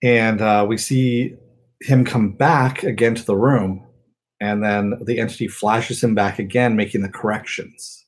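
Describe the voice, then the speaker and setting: Husky-voiced man recapping a TV episode. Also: lowish voice, steady tone, unhurried. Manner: rambling, filler-heavy retelling. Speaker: TV review host.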